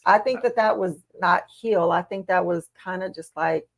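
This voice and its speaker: A woman's voice: lowish voice, moderate pace. A woman co-hosting a casual live-stream watch-along, talking to the viewers and arguing her point of view. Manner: chatty, talks straight to the viewers and argues her take.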